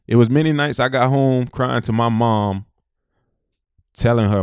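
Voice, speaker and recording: A man's voice: mid-range voice, fairly even intonation, normal speed, darkish tone, smooth, dry recording, studio quality. A man giving a motivational talk, hammering points home by repeating short phrases. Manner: preachy, repeats phrases for emphasis, Southern US speech. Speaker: motivational speaker.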